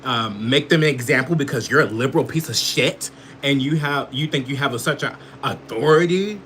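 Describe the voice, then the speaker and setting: A man's voice: fairly high pitch, normal speed, fairly bright tone, slight background noise. A man from the United States giving heated, profane political commentary with lots of filler words. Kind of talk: casual ranting commentary.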